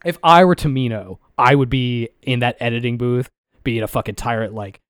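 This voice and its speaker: A man's voice: medium pitch, normal speed, smooth, no room sound, studio quality. A man co-hosting a podcast in casual chat, rambling with many fillers and acting out quotes from what he watched. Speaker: podcast co-host.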